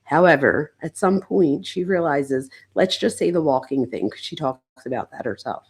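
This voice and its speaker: Female host, psychologist, casual stream talk, rough fry in a lowish voice, rambling. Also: normal speed. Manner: chatty and loose, with many "like"s and self-interruptions. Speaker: psychologist hosting a true-crime livestream. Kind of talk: casual livestream commentary.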